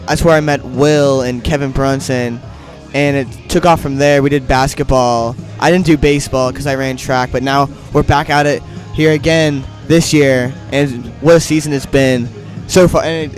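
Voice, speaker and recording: A teenage man co-commentating casually, halting and repeating himself. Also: mid-range voice, fairly even intonation, faint music behind. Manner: halting, repetitive. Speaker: student co-commentator. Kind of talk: casual chat.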